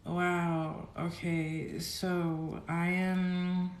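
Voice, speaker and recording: A woman giving a casual tarot reading to camera, who swings from low murmuring to squealing excitement and swearing. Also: very slow. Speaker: tarot reader. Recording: roomy echo, faint background noise.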